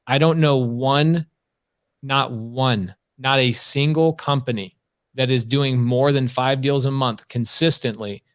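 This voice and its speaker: A man's voice: mid-range voice, smooth. A man co-hosting a live business stream, talking emphatically in rhetorical questions. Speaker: podcast co-host.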